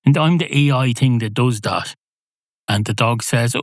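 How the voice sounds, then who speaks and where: An Irish podcast host telling an improvised, whimsical comic story with rambling asides. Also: male voice, medium pitch, normal speed, no room sound, studio quality. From Ireland.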